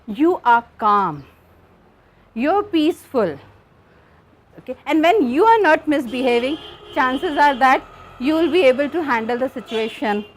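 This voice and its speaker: A woman's voice: high voice, lively intonation, unhurried, pauses often. A woman with an Indian English accent leading a parenting workshop, explaining earnestly and acting out examples. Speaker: workshop facilitator.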